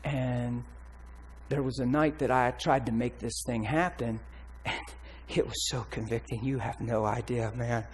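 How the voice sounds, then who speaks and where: A man preaching a candid, blunt personal testimony with animated storytelling. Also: medium pitch, unhurried, a little hiss or hum, low-quality recording. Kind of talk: sermon testimony.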